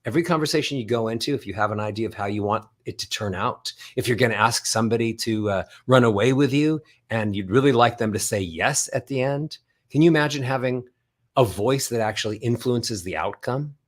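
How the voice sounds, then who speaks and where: A middle-aged man, a voice coach, giving an animated motivational talk and swinging his voice up and down to show melody. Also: mid-range voice, a little fast. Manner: animated, demonstrates voice melodies by singing up and down. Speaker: voice coach and author.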